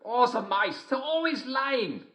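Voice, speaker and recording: A man voicing a sly wolf that fakes a grandmother's voice in a shrill, wheedling falsetto. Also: big pitch swings, takes it slowly, sharp tone, full character voice.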